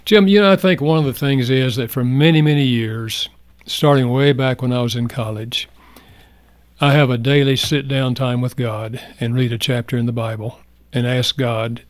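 An older man telling a personal story as a guest in a radio interview, speaking earnestly and reflectively, going soft at the tender parts. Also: medium pitch, fairly even intonation, moderate pace, no room sound. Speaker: guest, marriage counselor.

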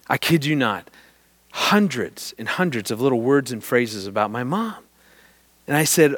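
A middle-aged man telling a family story to an audience, animated and self-deprecating, laughing often. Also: medium pitch, moderate pace. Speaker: speaker on marriage.

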